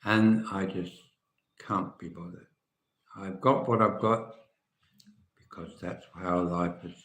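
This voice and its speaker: An English man in his seventies chatting casually and frankly to viewers on a live stream, rambling and trailing off quietly at the ends of phrases. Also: lowish voice. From England. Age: 70s. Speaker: vlogger. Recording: echoey room.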